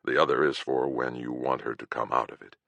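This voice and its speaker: A man voicing a gruff, profane and irritable male healer who speaks bluntly and snarls when angry. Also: extremely low pitch, flat delivery, a little fast, bright, forceful tone, no room sound, heavily acted.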